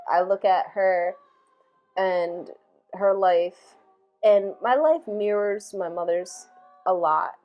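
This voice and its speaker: A woman in her thirties hosting a podcast, telling personal stories in a relaxed, reflective way, full of filler phrases. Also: mid-range voice, slow, dull audio, soft background music. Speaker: podcast host. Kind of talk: casual heartfelt conversation.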